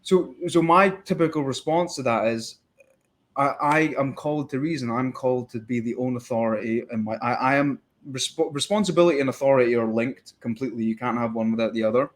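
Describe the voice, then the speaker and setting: A man's voice: mid-range voice, fairly quick. Fired-up male podcast host. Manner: fired-up, rambling, acts out quoted voices. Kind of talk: casual interview chat.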